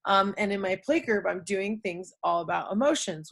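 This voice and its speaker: Woman in her thirties, casual chat, mid-pitched voice, lots of "um" and "right?". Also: normal speed, vocal fry, a bit bright. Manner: chatty, many fillers and tag questions. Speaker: host. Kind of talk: casual talk to camera.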